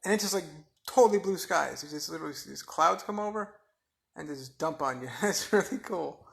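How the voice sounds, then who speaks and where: A bright, forceful man's voice, a little higher than most, rambling through a casual phone live stream. He keeps catching and correcting himself mid-sentence. It sounds like he is chatting with viewers as he goes. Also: fairly quick, creaky. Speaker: vlogger. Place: outdoors under a balcony in rain.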